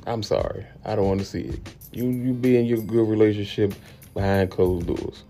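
A young man, hosting a podcast and ranting bluntly and profanely, often jumping into high incredulous tones. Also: moderate pace, warm tone, soft background music. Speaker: podcast host. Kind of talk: casual podcast rant.

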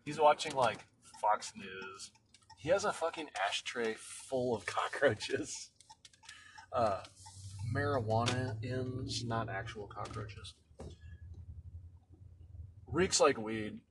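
Brief: middle-aged man, animated swearing anecdote, mid-pitched voice, engine noise behind. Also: takes it slowly, far from the mic. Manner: profane, animated, laughing. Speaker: junk hauler. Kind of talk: casual storytelling.

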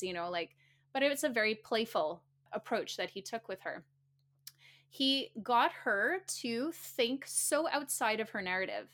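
A woman's voice: mid-range voice, a bit bright. A woman speaking casually to her listeners, telling a story with animation, laughing often and repeating phrases earnestly. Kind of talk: casual spoken talk to listeners.

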